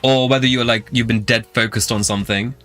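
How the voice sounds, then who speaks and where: A man's voice: medium pitch, steady tone, a little fast, a bit bright. A man with a London accent, hosting a music channel and chatting casually with viewers in long rambling stories full of fillers. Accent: London English. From England. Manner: rambling, filler-heavy storytelling. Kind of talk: casual chat with live viewers.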